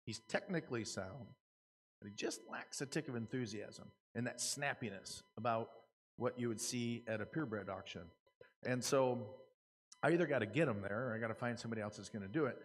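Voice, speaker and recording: An American man speaks to a room of auctioneers in an easy, conversational way. His voice sits at an ordinary pitch, and he often stops and restarts a thought before pushing on. The sound carries a long reverb, like a large hall. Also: wildly swooping pitch, a little fast, breathy edge. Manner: casual, repeats and restarts, earnest. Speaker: auctioneer giving a seminar talk. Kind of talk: conversational lecture to a live audience. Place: conference room.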